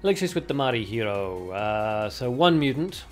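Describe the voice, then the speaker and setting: A man's voice: medium pitch, sing-song, moderate pace, faint music behind. A man streaming a card game, chatting casually and thinking aloud with plenty of fillers. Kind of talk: casual livestream commentary.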